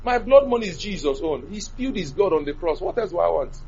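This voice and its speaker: A man preaching a sermon, animated, swinging from loud to soft. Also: sits high, quick pace, breathy edge, lo-fi sound.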